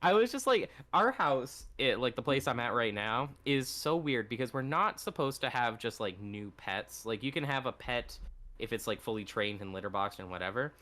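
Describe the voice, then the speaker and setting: A man's voice: medium pitch, expressive, sharp tone. A man co-hosting a podcast from home, talking in a laid-back way with many fillers. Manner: laid-back, filler-heavy, quick to laugh along. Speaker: podcast co-host. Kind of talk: casual chat.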